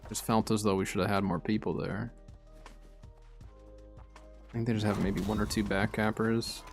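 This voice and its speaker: Lowish-voiced man streaming a game. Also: moderate pace, faint music behind. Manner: relaxed, explains tactics while playing, bursts of excitement in fights. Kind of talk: casual gameplay commentary.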